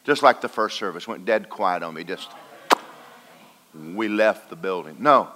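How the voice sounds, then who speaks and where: A man preaching a folksy sermon to a congregation, swinging between loud and quiet. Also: lowish voice, animated, a little slow. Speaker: pastor. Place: church in front of a congregation.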